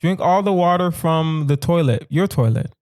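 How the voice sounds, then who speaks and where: Comic podcast host, male, higher-pitched, playful and animated, acts out bits. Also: moderate pace. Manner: animated, acts out quoted lines. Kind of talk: casual comedic chat.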